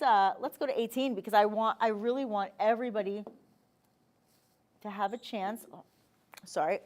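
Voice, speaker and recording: A woman with a New Jersey accent hosting a live TV shopping show, chatty, playful and emphatic as she pitches jewelry in a studio. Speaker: shopping channel host.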